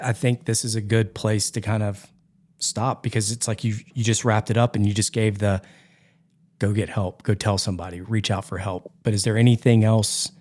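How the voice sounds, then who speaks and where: A male podcast host with a fairly low voice, gentle and a little hesitant. He repeats words as he finds his phrasing. He sounds distant from the microphone. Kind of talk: casual interview.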